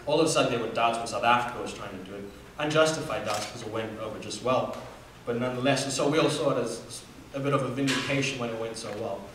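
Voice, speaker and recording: A man's voice: medium pitch, fast, hardly any pauses, background noise. A young man from Namibia telling a personal story as a student speaker, earnest, with fillers and restarts. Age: 20s. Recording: echoey hall from far off.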